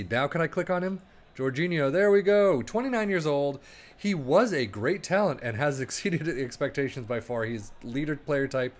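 A man talks through a football management game in a loose, rambling way. He thinks out loud, backtracks, and jumps into excited play-by-play when a chance comes. His voice sits in an ordinary middle pitch. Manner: chatty, rambling, thinks aloud, bursts into play-by-play. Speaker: gaming YouTuber. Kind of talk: casual game commentary.

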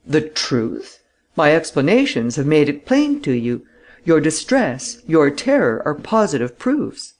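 A man reading the part of a stern, determined gentleman investigator who presses hard for the truth. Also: on the high side, sing-song, unhurried. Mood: insistent.

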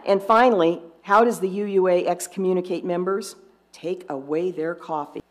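Low-voiced woman telling church jokes. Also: fairly even intonation. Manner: dry, unhurried joke-telling with restarts. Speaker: lay presenter. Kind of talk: sermon with jokes. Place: congregation fellowship service.

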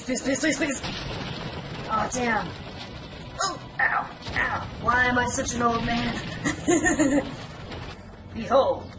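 A young woman giving casual, teasing commentary while playing a video game, laughing often. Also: medium pitch. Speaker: gameplay commentator. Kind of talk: let's play commentary. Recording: home recording with clear background noise.

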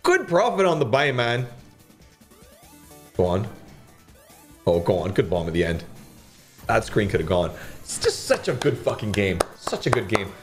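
A man's voice: lowish voice, sing-song, moderate pace, long pauses, soft background music. A man streaming slot games, who keeps up profane, joking commentary and talks back to the games as he plays. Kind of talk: casual gambling commentary.

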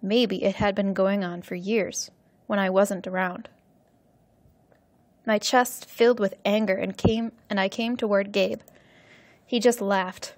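A woman teacher reads a chapter aloud for English learners at a careful, clear pace. Her voice sits at an ordinary middle pitch. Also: fairly even intonation, measured pace, long pauses, darkish tone, no room sound. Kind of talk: storybook reading for English learners.

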